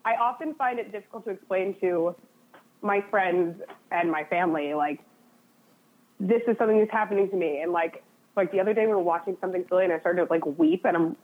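A woman's voice: fairly low pitch, a little fast. A woman guest in a casual interview, talking in a chatty, self-deprecating way with lots of "like" fillers. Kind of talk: casual conversation. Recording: phone-like narrow sound.

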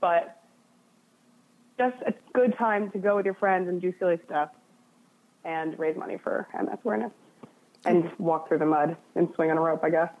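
A woman's voice: on the low side, normal speed, pauses often, slight background noise. A woman guest in a casual interview, talking in a chatty, self-deprecating way with lots of "like" fillers. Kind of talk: casual conversation. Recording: phone-like narrow sound.

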